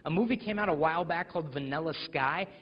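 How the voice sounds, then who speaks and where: A young American man giving a lively storytelling talk to teenagers in a school auditorium. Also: on the high side, fast talker. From United States. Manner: animated storytelling, mimics voices. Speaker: school speaker. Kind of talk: live motivational talk to teens. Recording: echoey hall, dull lo-fi sound.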